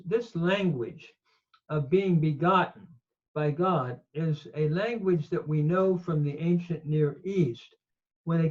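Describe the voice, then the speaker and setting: Slow, deliberate male Bible teacher. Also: fairly high pitch, darkish tone. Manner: deliberate, reads Hebrew aloud then explains grammar. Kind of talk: slow grammar lecture. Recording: slightly dull lo-fi audio.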